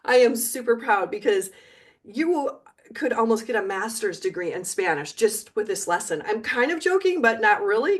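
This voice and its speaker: A middle-aged woman teaching a video lesson, encouraging and repeating words slowly for learners, now and then singing along. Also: a little high. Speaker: Spanish teacher.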